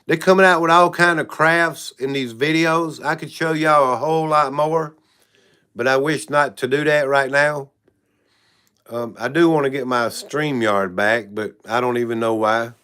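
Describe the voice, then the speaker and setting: A man's voice: mid-range voice, steady tone, moderate pace, pushed and bright, clean tone. A man hosting a casual livestream. He rambles frankly and keeps saying "y'all". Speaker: channel host.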